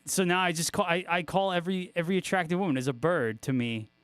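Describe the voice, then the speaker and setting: Laid-back joking man, a bit high. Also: quick pace, fairly bright tone, clear, resonant tone, no room sound. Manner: laid-back, joking, swears freely and laughs often. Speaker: guitarist hosting a livestream. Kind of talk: casual livestream chat, reading viewer comments.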